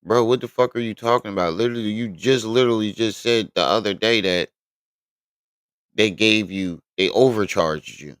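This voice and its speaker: A man's voice: lowish voice, moderate pace, fairly bright tone, clean tone, no echo. A man hosting a live stream, reacting bluntly and with exasperation, swearing often.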